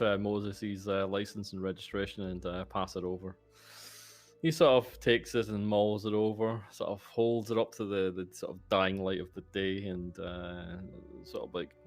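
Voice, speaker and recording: A man narrating as game master, hesitant with many filler words. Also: low voice.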